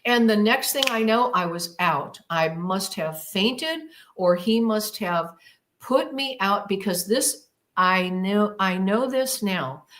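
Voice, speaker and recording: A woman recounts a personal experience in an interview, taking her time with each phrase. She tells it vividly and emphatically, repeating words for effect and acting out her own past exclamations. Her voice sits at a middle pitch. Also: lively intonation, slow pace, a bit bright. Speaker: podcast guest.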